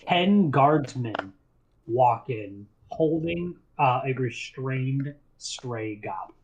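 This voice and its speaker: A man's voice: mid-range voice, lively intonation, muffled recording. Man narrating as game master. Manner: unhurried with filler pauses.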